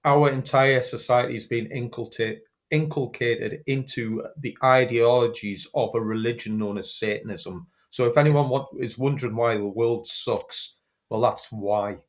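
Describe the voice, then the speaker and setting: A man's voice: mid-range voice, moderate pace. Older man lecturing earnestly. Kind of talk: casual talk show chat.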